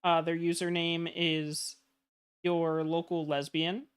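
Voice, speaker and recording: A woman's voice: lowish voice, flat delivery, takes it slowly, clean tone. A woman guest chatting casually on a game stream, hesitant with many ums.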